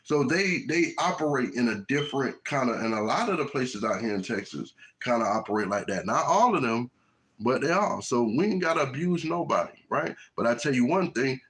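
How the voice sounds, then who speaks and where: A man's voice: medium pitch, animated, a little fast, a bit bright, rough recording. A man preaching a sermon outdoors in the heat, often checking in with the crowd by asking "right?". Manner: preaching with frequent "right?" tags. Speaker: street preacher. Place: outdoors in hot weather.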